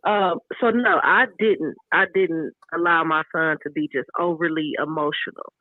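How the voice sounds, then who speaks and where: A woman's voice: deep voice, fairly even intonation, moderate pace, dry recording. A woman calls into a radio show and talks bluntly and candidly as she tells stories about her children. Her voice comes through a tinny phone line and sounds dry. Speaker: caller. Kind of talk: casual call-in chat.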